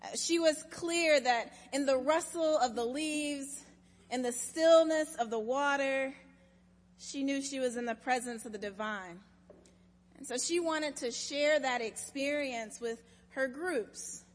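A woman pastor giving a sermon, telling a story in a measured, expressive way, in a church sanctuary. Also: high-pitched, big-room sound.

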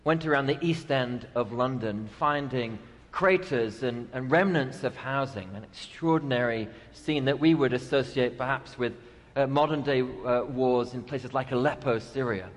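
Male pastor, sermon, dry humor, long church reverb, mid-pitched voice. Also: normal speed. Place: church sanctuary.

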